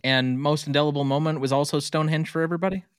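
A man hosting a casual movie podcast, briskly running the segments and breaks. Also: fairly high pitch, steady tone, smooth, no echo, studio quality. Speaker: podcast host.

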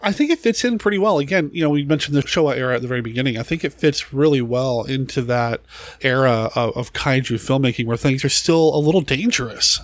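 A man's voice: mid-range voice, fast talker, dry recording. Brief: male podcast co-host, casual film talk, laughs often, dry close sound. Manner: chatty, laughs often, trailing restarts.

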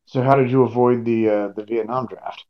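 Man, player, joking, mid pitch, dull lo-fi sound. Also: steady tone, brisk. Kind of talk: casual game chat.

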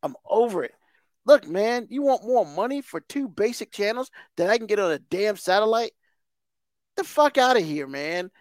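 A man's voice: high voice, expressive, moderate pace, no echo, studio quality. Fired-up, foul-mouthed man ranting. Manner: heated, swears constantly, emphatic repetition. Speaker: podcast co-host. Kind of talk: casual profane rant.

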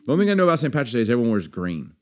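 Joking, animated podcast man. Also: mid-range voice, racing. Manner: joking, teasing, laughs often. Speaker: podcast co-host. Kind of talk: casual banter.

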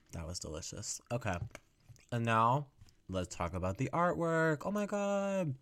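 A man's voice: mid-range voice, measured pace, clean tone. A man hosting a solo music podcast, chatting casually with lots of fillers and jokes at his own expense. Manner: chatty and self-mocking, many fillers, swoops up when excited. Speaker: podcast host.

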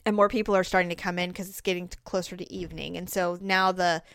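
A woman's voice: lowish voice, fast talker, gravelly, clean tone, no echo. A woman telling a long funny story in casual chat and acting out the people in it. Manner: animated storytelling, acts out quoted voices.

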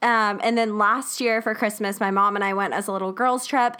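A woman's voice: medium pitch, steady tone, moderate pace, bright, forceful tone, smooth. A young woman co-hosting a podcast, chatting upbeat and giggly while a little congested from a cold. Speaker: podcast co-host. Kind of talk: casual chat.

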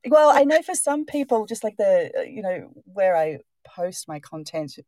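A woman with an Australian accent, a guest in casual chat, polite and a little hesitant, voice low from just waking. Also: big pitch swings, moderate pace, mellow, no room sound. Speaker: guest, audio artist.

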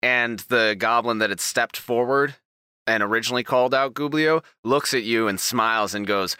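Male game master, bright sharp tone, casual tabletop narration. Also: medium pitch, normal speed, smooth, dry recording. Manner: describes scenes, voices the goblins.

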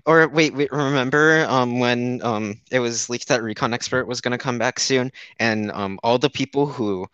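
A man's voice: mid-range voice, moderate pace, a bit bright, clear, resonant tone, no echo, dull audio. A young man co-hosting a casual gaming podcast, rambling with lots of "um" and restarts. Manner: rambling, many fillers and restarts. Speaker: podcast co-host.

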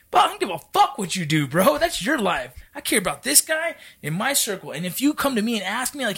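A man's voice: extremely high pitch, sing-song, quick pace, vocal fry, hardly any pauses, a bit bright, breathy edge. A man who is a military veteran, talking in a casual podcast conversation in a profane, emphatic, fired-up way.

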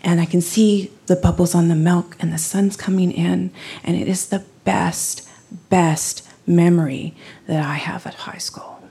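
A woman telling a personal story to a live audience, animated and laughing, dropping to whispers for her inner thoughts. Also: fairly low pitch, a little slow, creaky, a little hiss or hum.

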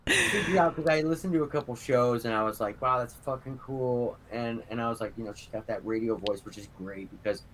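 A man with a Northern US accent, a guest chatting in an animated, teasing way. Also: medium pitch, a little fast, slight background noise, rough recording. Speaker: podcast guest. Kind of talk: casual chat.

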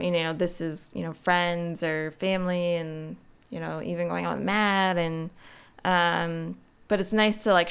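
Her voice is smooth and low-ish. She's a young woman hosting a solo podcast, wandering through casual chat packed with fillers.

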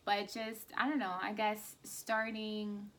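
A woman in her thirties, co-hosting a casual podcast, talking softly and rambling with many fillers. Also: medium pitch, monotone, slow pace, a little hiss or hum. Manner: soft-spoken, rambling with fillers. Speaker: podcast co-host. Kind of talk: casual chat. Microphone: no proper microphone set up.

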